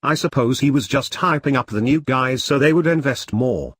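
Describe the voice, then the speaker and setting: A man's voice: mid-range voice, normal speed, a bit bright, husky, dry recording. Male story narrator, scripted first-person read, middle voice, dead-dry booth sound. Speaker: narrator of online stories.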